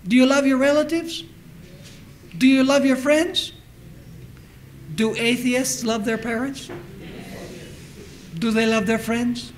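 Man, pastor, high voice, sermon in a church, rhetorical questions, faint room noise. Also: rough recording. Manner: preaching with rhetorical questions, reading scripture aloud.

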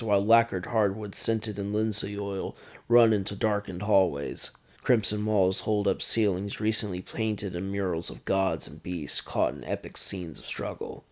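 A man narrating a first-person dark fantasy audiobook in a steady, grim, deliberate manner. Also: low voice. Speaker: narrator reading his own fiction.

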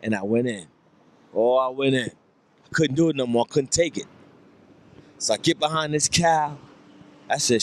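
A male comedian at a comedy club works through a rambling stand-up story, acting out quotes and circling back to repeated lines. He speaks at a normal speed and medium pitch, leaving long pauses.

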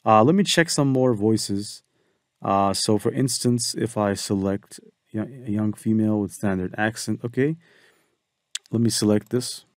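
A man with a fairly low voice hosts a step-by-step software tutorial and talks each click through as he goes. The sound is dry and close. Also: unhurried, no room sound. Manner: thinks aloud, walking through each step. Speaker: tutorial host. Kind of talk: screen-recorded software tutorial.

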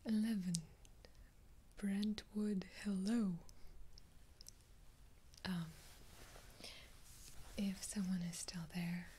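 A woman's voice: medium pitch, little pitch movement, very slow, long pauses, dark tone, slight background noise. A woman with a Russian accent whispering an ASMR video, reading a numbered list with dry, amused asides. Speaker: ASMR creator.

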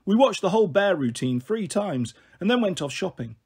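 A man reading a children's story aloud with gentle, steady narration. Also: sits high, normal speed, breathy edge.

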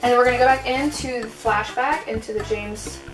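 A woman's voice: on the high side, normal speed, music in the background. A young woman chatting casually through a makeup tutorial at home, self-mocking and sarcastic, with lots of "like" fillers, talking to a camera propped on a table. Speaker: beauty vlogger. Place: at home in front of a mirror.

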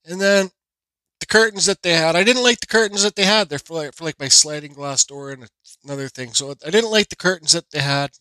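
A man in his forties rambles through a casual vlog voiceover, with many restarts and asides. His voice sits a little high and sounds bright and forceful. It is recorded close and dry. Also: brisk, dry recording. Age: 40s. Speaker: woodcarving channel host.

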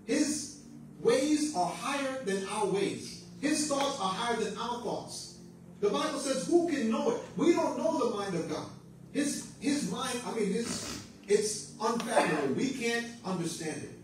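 A man with a high voice preaches a sermon, pressing his congregation with repeated phrases and calls for an amen. His voice rings through a very echoey church from a distance from the mic, over a faint hiss. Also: lively intonation, a little slow. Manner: exhorting with call-and-response amens and repeated phrases.

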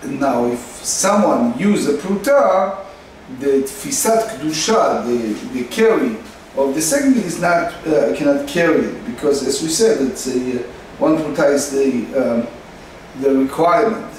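Man, Talmud lesson, slow halting explanation, faint background noise. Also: medium pitch, animated, distant mic. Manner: slow, halting delivery, reading Aramaic then translating. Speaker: Talmud teacher. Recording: echoey room, faint noise.

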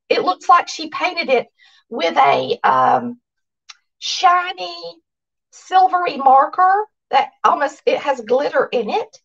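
Excitable high-voiced Southern woman. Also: creaky, recorded from a distance, muffled recording. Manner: chatty, excitable, reads viewer cards aloud. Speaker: cooking channel host. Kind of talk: casual chat to viewers.

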